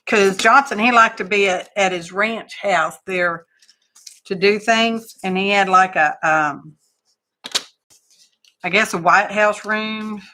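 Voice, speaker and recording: A woman's voice: medium pitch, bright, forceful tone. A woman with a Texan accent, hosting a livestream and chatting casually in a rambling, folksy way. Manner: rambling, folksy storytelling with asides. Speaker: livestream crafting host.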